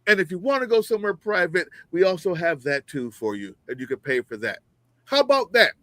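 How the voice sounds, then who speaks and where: A man with a high voice delivers a fiery, profane political rant over a video call. He mocks opponents and fires off rhetorical questions. The sound is dry and close, with no room around him. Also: very animated, fairly quick, bright, forceful tone, no room sound, rough recording. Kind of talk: heated political commentary.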